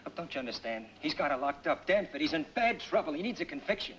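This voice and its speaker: An actor playing a jumpy, blustering hoodlum suspect who talks loudly and indignantly. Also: male voice, fairly high pitch, big pitch swings. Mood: panicky. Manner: loud, indignant, quick and jumpy. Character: jittery blustering hoodlum suspect, loud and defiant. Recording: slightly dull old film soundtrack with faint hiss.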